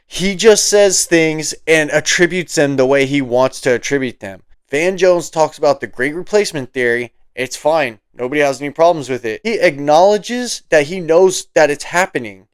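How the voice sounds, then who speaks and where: A man rants through his own commentary, heated and mocking, swearing freely. His voice sits a little high and comes through smooth and clean. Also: lively intonation, moderate pace, no room sound. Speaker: political commentary host. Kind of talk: ranting commentary.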